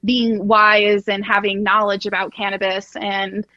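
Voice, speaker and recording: A woman's voice: medium pitch, little pitch movement, unhurried, bright, forceful tone, no room sound, dull audio. A woman guest on a casual podcast, chatty and blunt, laughing often.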